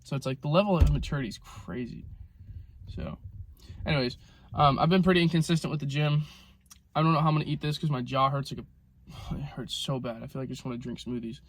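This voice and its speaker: A man's voice: mid-range voice, fast talker, long pauses. Young male vlogger, rambling car-selfie chatter, constant filler words, phone-mic sound. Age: young adult. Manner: rambling, filler-heavy, frequent "like" and "um". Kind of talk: casual rambling vlog storytelling.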